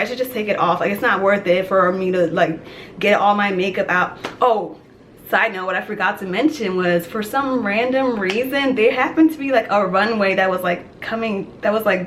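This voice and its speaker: A young woman telling a dream story in casual vlog style, animated and chatty, with many "like" fillers. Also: medium pitch, slight background noise. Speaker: vlogger.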